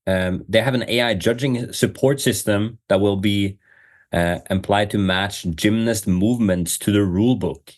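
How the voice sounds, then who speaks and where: A man hosting a podcast, talking loosely with many fillers and quick laughs in casual chat. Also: on the low side. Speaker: podcast host.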